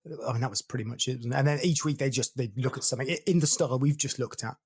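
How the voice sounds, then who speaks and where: A man co-hosting a podcast in loose, joking chat. His voice is husky and breathy, and his thoughts drift as he talks. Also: medium pitch, fast talker, darkish tone. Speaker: podcast co-host. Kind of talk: casual chat.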